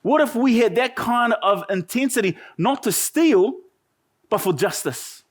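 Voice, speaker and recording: A man's voice: very high-pitched, expressive, unhurried. A man with a New Zealand accent preaching a sermon, telling a humorous story with chatty asides to the congregation. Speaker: pastor.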